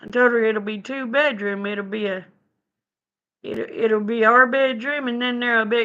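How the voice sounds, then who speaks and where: A middle-aged woman with a drawl chats with her viewers from home, folksy and laughing easily. Her voice sits high and sounds bright and forceful. The stream audio is dull and lo-fi. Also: fairly even intonation, normal speed. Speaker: live stream host. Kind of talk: casual chat with viewers. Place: home, indoors.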